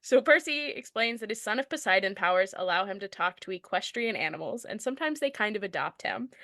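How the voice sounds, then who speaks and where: A woman co-hosting a casual book podcast, recapping the chapters in an animated, chatty way and laughing often. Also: mid-range voice, brisk, no echo, clean studio sound. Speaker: podcast co-host. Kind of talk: casual book-discussion chat.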